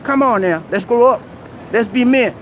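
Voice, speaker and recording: Very high-voiced man preaching outdoors. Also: moderate pace, slight background noise. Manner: preachy, exhorting, keeps calling the listener "man". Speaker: live-stream host. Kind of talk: motivational advice rant. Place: outdoors at a busy shopping mall.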